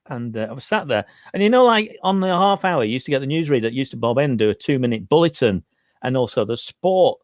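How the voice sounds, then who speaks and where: A man, a radio presenter, telling an animated anecdote and laughing as he goes. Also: mid-range voice, fast, no echo, clean studio sound. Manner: animated, laughs through his story, mimics others. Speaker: quiz co-host and radio presenter.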